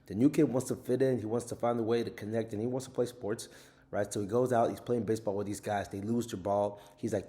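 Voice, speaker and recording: A man's voice: on the low side, steady tone, fast talker, dark tone. A man hosting a podcast, casually giving an overview of his own book in an earnest way and often adding tag questions. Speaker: author and podcast host.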